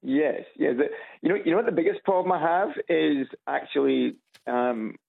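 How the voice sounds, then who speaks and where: Scottish man from Edinburgh calling a radio show, easygoing and hesitant, raspy over a tinny loudspeaker phone. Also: on the high side, moderate pace. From Scotland. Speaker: caller. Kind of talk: casual phone chat.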